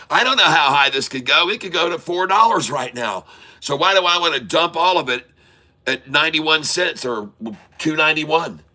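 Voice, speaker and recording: A man hosting a live day-trading stream, calling out prices and coaching viewers in an excitable, repetitive way. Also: on the high side. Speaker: day-trading livestream host.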